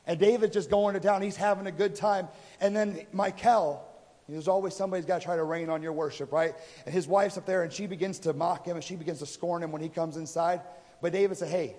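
High-voiced man preaching in a hall. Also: steady tone, brisk, warm tone. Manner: casual, conversational retelling with acted quotes. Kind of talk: sermon storytelling. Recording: reverberant hall.

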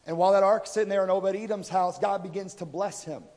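A man's voice: high-pitched, fairly even intonation, fast talker, darkish tone. A man preaching a sermon, retelling a story in a casual, conversational way and voicing the people in it. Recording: reverberant hall.

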